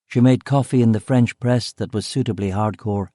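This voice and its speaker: A man narrating a first-person crime novel audiobook in a dry, wry, measured way. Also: lowish voice, mellow, dry recording.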